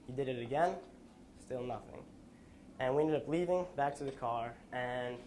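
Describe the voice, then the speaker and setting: Young man, student presenter, earnest, halting, tired, middle pitch, faint noise behind. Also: darkish tone. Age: young adult. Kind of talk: school presentation, personal story.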